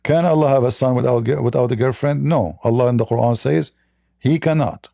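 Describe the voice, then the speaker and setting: Gravelly-voiced man mocking on a livestream. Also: medium pitch, fairly quick, dark tone, no room sound, studio quality. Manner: blunt, mocking, repetitive restarts. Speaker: livestream host. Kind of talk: livestream monologue.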